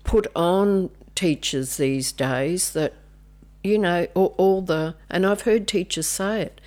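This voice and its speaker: An older woman, a nun and former educator, chatting as a podcast guest with many hesitations. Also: on the low side. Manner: slow, hesitant, with many ums and soft asides. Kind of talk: casual podcast chat.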